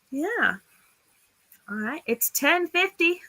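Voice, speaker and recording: A woman's voice: mid-range voice, expressive, takes it slowly, pauses often, bright, forceful tone, rough recording. A woman hosting a casual writing livestream, chatty and thinking aloud as she reads and talks. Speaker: livestream host of writing sprints.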